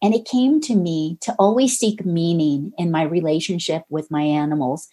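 A middle-aged woman author speaking as a podcast guest, earnest and gently reassuring. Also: fairly low pitch, normal speed. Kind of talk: podcast interview conversation.

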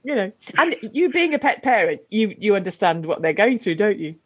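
A woman hosts a casual conversation in a friendly, talkative way. She often closes her points with tag questions. Her voice sits at an ordinary middle pitch. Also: sing-song, fairly quick, husky. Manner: chatty, asks tag questions. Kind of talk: casual chat.

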